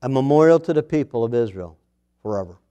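A male pastor preaching a morning sermon, reading scripture aloud with emphasis and swinging between loud declarations and hushed asides. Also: mid-range voice, expressive, fast, clear, resonant tone, muffled recording.

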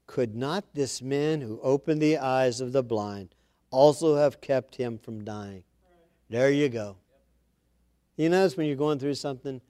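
A man's voice: mid-range voice, a little mellow, no echo. A man preaching an informal Bible-study sermon, reading scripture aloud and then commenting in a chatty way with asides.

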